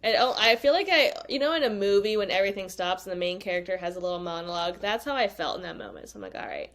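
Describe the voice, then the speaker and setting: A woman's voice: medium pitch, big pitch swings, fast talker, fairly bright tone. A woman, a podcast guest, telling a personal story in casual talk and acting out her own past lines. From United States.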